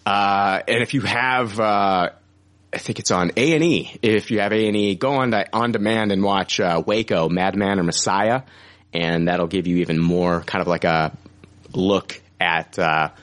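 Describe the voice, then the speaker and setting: A man's voice: deep voice, a little slow, fairly bright tone. A man in his forties hosting a podcast in casual chat, rambling with many fillers and frequent swearing. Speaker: podcast host.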